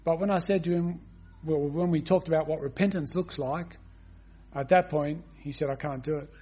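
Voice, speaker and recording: Earnest preacher with a high husky voice. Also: male voice, steady tone, normal speed, warm tone. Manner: earnest, asks the listeners rhetorical questions; reads scripture aloud at length. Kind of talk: expository sermon.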